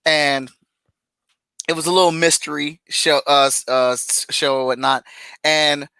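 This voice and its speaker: A man co-hosting a casual podcast chat, ranting in an animated, exasperated way and laughing between points. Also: fairly high pitch, measured pace, clean tone, no room sound, low-quality recording. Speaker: podcast co-host.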